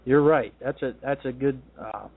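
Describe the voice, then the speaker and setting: A man's voice: mid-range voice, moderate pace, vocal fry, breathy edge. A man voicing a wary male frog while retelling a fable, in a plain storytelling tone. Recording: tinny phone-line sound.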